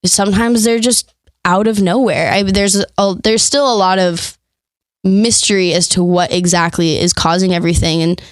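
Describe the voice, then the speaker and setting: A woman's voice: medium pitch, steady tone, normal speed, clear, resonant tone, no echo. A woman actor chatting as a podcast guest, casual and talkative with lots of fillers. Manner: chatty, laughs often, many fillers. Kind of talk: casual chat.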